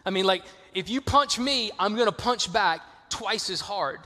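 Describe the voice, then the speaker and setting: Bright-voiced Southern pastor preaching. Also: male voice, high-pitched, unhurried, big-room sound. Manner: storytelling, casual and lively. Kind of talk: sermon.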